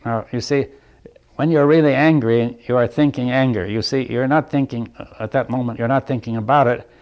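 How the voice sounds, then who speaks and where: In dull-sounding audio, a man with a mid-range voice and steady tone talks fairly quickly and reflectively to a small audience. He restarts his phrases often, checks in with listeners, and chuckles quietly between points.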